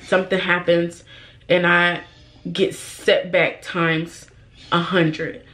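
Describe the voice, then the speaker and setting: A young woman vlogging while doing her makeup, holding back tears and talking in a halting, repetitive way. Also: lowish voice, little pitch movement, fairly bright tone. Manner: halting, emotional, repeats herself, sighs. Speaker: beauty vlogger. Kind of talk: get-ready-with-me chat.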